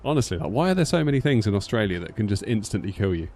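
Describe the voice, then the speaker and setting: A man's voice: lowish voice, very fast, slight background noise. A man in his thirties with a British accent, telling stories in a casual live-stream chat and acting out the voices in them. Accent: British English. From United Kingdom. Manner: rambling storyteller, animated, acts out quotes. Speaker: flight sim streamer.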